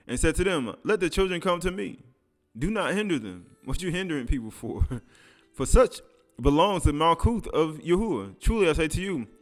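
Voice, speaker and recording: A man preaching a sermon, reading scripture aloud and commenting in casual speech with laughs. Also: on the high side.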